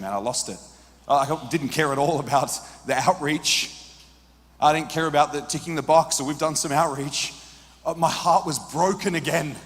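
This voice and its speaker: Male preacher, high voice, impassioned sermon, long hall echo. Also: a little hiss or hum. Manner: impassioned, emotional storytelling with swings from hushed to shouting.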